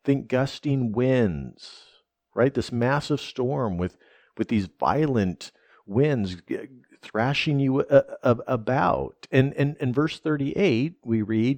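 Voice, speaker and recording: A man's voice: medium pitch, lively intonation, slow, a little mellow, no room sound. A man preaching a sermon, emphatic and conversational, often asking "right?" and restarting his words.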